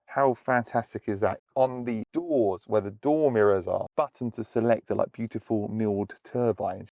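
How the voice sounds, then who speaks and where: A man's voice: mid-range voice, vocal fry, darkish tone, no echo. A man reviewing a car from inside it, talking enthusiastically and full of praise. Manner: gushing, superlative-heavy.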